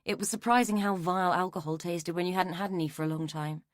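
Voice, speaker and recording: Scripted mystery audiobook narration comes from a woman with a lowish voice, paced in an even, measured storytelling manner. It's a studio-quality recording with no echo.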